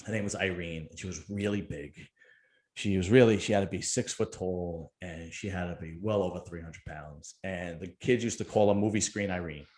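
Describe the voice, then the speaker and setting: A man's voice: low voice, moderate pace, a little mellow. A middle-aged man, hosting a casual chat and telling a rambling, joking story. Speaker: podcast host.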